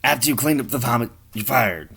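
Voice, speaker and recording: A man's voice: mid-range voice, expressive, brisk, creaky, sharp tone, husky, voice pushed up, exaggerated voice. A man voicing a pompous male liquor store boss who lectures his staff in a stiff, self-important way.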